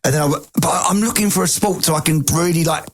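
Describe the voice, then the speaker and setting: A man co-hosting a podcast, telling stories in casual chat with lively swearing. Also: fairly high pitch, quick pace, a little hiss or hum. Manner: animated, swearing storyteller. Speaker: podcast co-host.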